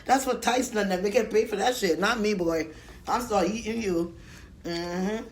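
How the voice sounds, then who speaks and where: Woman streamer, mid-pitch voice, loose and playful chat to her viewers. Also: normal speed. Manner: chatty and playful, greeting viewers by name, laughing often. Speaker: live streamer. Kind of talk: casual live-stream chat while eating.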